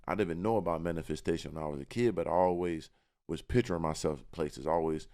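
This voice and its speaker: Deep-voiced man talking fast and sure. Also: mellow. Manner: confident, repeats words while searching. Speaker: guest. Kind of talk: casual podcast interview.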